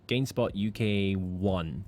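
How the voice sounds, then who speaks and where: A man's voice: sits low, takes it slowly, darkish tone. A man from the United Kingdom co-hosting a live game stream, chatting casually and reading out viewer comments.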